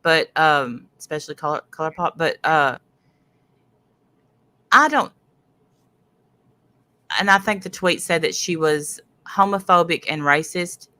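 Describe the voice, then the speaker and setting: Chatty woman, bright voice. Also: low voice, animated, measured pace, long pauses, dry recording. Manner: rambling, chatty, greets viewers in chat. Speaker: host. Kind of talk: casual livestream commentary.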